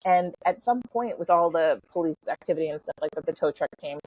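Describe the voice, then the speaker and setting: Her voice is low-pitched with lively intonation and a slightly fast pace as this middle-aged spiritual coach, a podcast guest, casually tells a personal story. She laughs easily and says "like" and "you know" a lot. The recording has no echo and sounds slightly dull and lo-fi.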